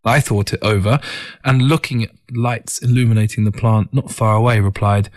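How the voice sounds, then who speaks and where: A man with a somewhat low voice reads a first-person story aloud. His delivery is calm and reflective, in steady audiobook narration. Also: moderate pace.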